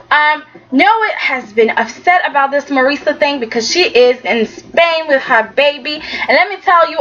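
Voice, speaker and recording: A woman with a high voice chats through a soap opera recap, sassy and animated, slipping into the characters' lines as she tells it. The recording sounds a little dull and lo-fi. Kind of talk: casual recap vlog.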